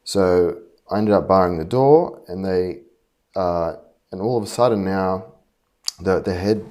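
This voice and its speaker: Low-voiced guy venting, rambly, lots of ums and restarts, kinda fed up. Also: a little mellow. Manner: rambling, halting, frustrated, many fillers and restarts. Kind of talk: casual personal monologue.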